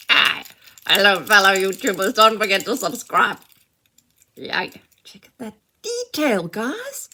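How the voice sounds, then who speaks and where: A woman's voice: mid-range voice, sing-song, a little slow, sharp tone. A mother chatting casually as she unboxes a shopping haul, gushing and exclaiming over each item.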